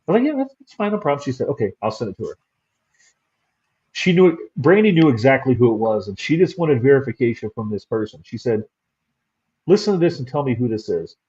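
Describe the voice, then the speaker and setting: A male guest who investigates the paranormal tells loose, rambling stories in a relaxed chat. His voice is mellow and a little husky. It comes through in slightly dull, lo-fi sound. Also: medium pitch, a little fast. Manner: rambling storyteller. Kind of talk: casual interview chat.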